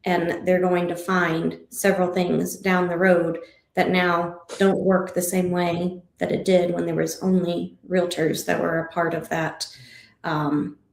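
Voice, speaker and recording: A woman real estate agent joining a casual livestream discussion, asking a string of questions while thinking out loud. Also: on the low side, flat delivery, measured pace, vocal fry. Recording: echoey room.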